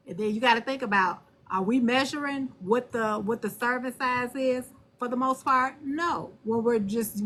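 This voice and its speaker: A woman hosting a live stream and talking on her phone, blunt and animated, cursing freely. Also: a little high. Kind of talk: casual live stream chat.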